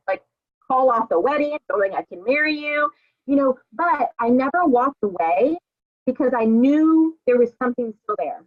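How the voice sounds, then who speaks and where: Woman in her thirties, coach on a group call; candid, swears freely, higher voice, tinny phone-like sound. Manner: candid, profane, filler-heavy. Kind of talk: casual motivational talk.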